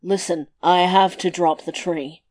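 Woman putting on a slow, scornful giant. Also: steady tone, darkish tone, close to an everyday voice. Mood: gruff. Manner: slow, low, contemptuous growl. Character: huge scornful male giant, gruff and slow.

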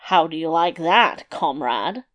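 A woman's voice: deep voice, expressive, unhurried, voice pushed down. Woman playing a cocky little tailor. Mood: boastful. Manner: bright, cocky, emphatic boasting. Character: boastful cheerful little male tailor.

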